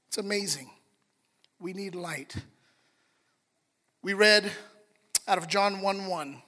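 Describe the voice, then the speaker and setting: A middle-aged pastor with a high, bright voice tells a story from the pulpit, animated and chatty with the congregation. The sound rings with a long hall reverb, like a church sanctuary. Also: male voice. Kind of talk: sermon.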